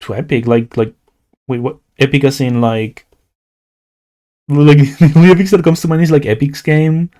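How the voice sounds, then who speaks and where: A man's voice: a little high, steady tone, moderate pace, long pauses, mellow. Playful rambling man, Latin American Spanish accent. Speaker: streamer and artist. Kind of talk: casual livestream chat while drawing.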